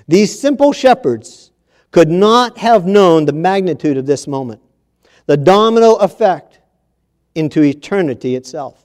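A man preaching a sermon in a church, reading scripture and repeating key phrases with emphasis, moving between hushed and loud passages. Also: on the high side, expressive, measured pace.

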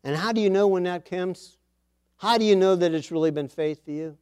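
A man preaching a sermon, reading scripture aloud and swelling louder on the quoted words. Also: sits high, brisk, clean tone.

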